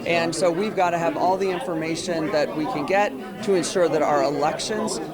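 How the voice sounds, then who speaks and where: A woman politician answering questions in a firm, deliberate way. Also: lowish voice, steady tone, a loud crowd. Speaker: congresswoman. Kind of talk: interview answers.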